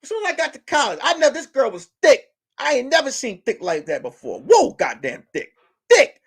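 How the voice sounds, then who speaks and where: A male comedian tells a rambling, profane story in a high voice that keeps leaping up and down. He breaks into sudden loud bursts between quicker asides. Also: breathy edge. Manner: animated, with sudden loud outbursts. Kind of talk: stand-up storytelling.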